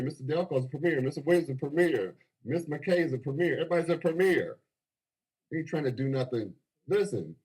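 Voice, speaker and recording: Husky man giving an animated pitch. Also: rough recording. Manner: animated, preachy, laughs often. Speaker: crypto promoter. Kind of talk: excited livestream sales pitch.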